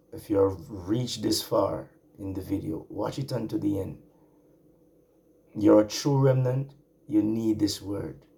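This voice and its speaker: Slow gravelly male preacher. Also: on the low side, dark tone. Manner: slow, drawn-out preaching with repeated phrases. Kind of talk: online sermon.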